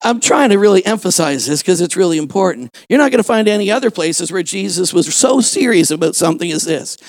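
High-voiced man preaching a fiery sermon. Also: expressive, fast, dry recording. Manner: fervent preaching with shouted emphasis and rhetorical questions. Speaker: pastor. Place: church, before a congregation.

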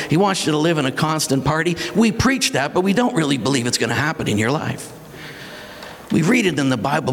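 A male pastor delivers a lively sermon with big swings in pitch, breaking into shouted, acted-out quotes. His voice sits a little high for a man. The hall around him gives a long, trailing reverb. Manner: animated, acts out dramatic voices and shouts.

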